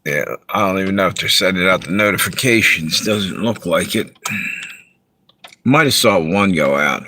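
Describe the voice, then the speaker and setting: A man's voice: low voice, normal speed, pushed and bright, a little hiss or hum. A man from Delaware, chatting casually on a live stream from his parked car, greeting viewers and rambling between comments.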